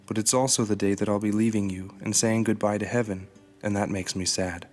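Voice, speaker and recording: A man's voice: on the low side, fairly even intonation, brisk, darkish tone, soft background music, natural voice. A man voicing a timid, wide-eyed little soul. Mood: earnest. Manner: earnest and questioning. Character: small, anxious, wide-eyed young soul. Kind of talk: storybook reading.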